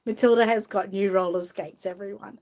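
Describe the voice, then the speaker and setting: A woman's voice: mid-range voice, fairly even intonation, brisk, darkish tone. An Australian woman hosting a casual live stream, reading viewer comments aloud and coaxing a doll in a fond sing-song voice, laughing often. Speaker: vlog host.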